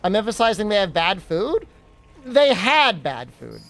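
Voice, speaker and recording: A man's voice: high-pitched, big pitch swings, a little slow, fairly bright tone. A young American man streaming and chatting casually, joking and reacting to questions from his chat.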